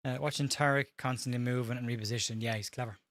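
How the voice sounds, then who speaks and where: An Irish man hosting a live watch-along, calling the match fast and tripping over players' names while reading out viewer comments. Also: medium pitch, fairly even intonation, a bit bright, dry recording. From Ireland. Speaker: host.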